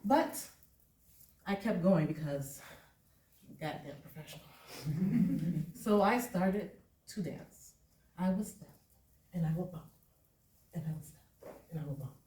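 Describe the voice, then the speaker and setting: A woman telling a spooky story on stage, her pitch swinging widely as she laughs her way through it. She is heard from a distance in an echoey room, with a faint hiss underneath. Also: slow, pauses often. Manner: lively, laughing often, conversational. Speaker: performance poet. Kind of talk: live spoken-word storytelling. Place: stage at a live venue. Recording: echoey live room, far from mic.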